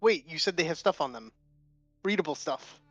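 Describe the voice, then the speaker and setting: A man's voice: fairly high pitch, lively intonation, moderate pace, fairly bright tone, highs cut off, faint music behind. A man playing a tabletop role-playing game over voice chat, talking bluntly and swearing casually. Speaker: player.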